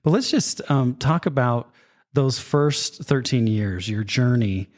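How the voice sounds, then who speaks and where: A man's voice: mid-range voice, expressive, slow, a little mellow. A man hosting a podcast interview from a co-working space, upbeat and chatty with light jokes. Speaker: podcast host.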